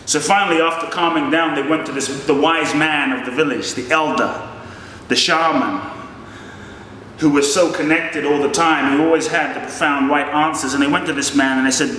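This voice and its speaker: A man's voice: fairly high pitch, brisk, sharp tone, very echoey, in a large hall, far from the mic, slight background noise, rough recording. A man giving an impassioned motivational speech and telling a story as a life coach.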